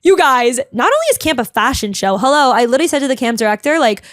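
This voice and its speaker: Bubbly chatty young woman, high voice. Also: sing-song, quick pace, no room sound. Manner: chatty and bubbly, heavy use of "like", dramatic; talks a lot, emotional. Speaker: vlogger. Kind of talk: casual storytelling vlog.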